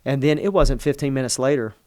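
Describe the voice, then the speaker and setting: A man's voice: mid-range voice, fast talker, darkish tone, no echo. Man, middle-aged pastor, earnest storytelling, dry close sound. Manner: earnest, emotional, self-interrupting. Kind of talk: conversational personal storytelling.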